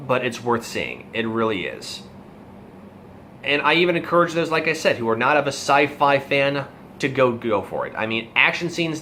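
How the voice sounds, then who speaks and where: Guy doing a casual movie review, rambly, lots of ums, mid pitch, bit of noise behind. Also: pushed and bright. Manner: chatty, rambling with fillers and asides. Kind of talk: casual film review monologue.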